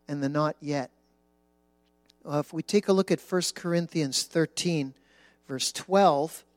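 A man preaching a sermon, emphatic, repeating words for stress and dropping his voice low on key phrases. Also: dry recording. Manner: emphatic, repeats words for stress, dramatic drops to near-whisper. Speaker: pastor.

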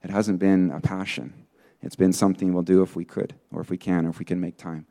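A man's voice: sits low, level tone, a little fast, creaky, warm tone. A man preaching a sermon in an earnest, rambling way, full of fillers and restarts. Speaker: pastor.

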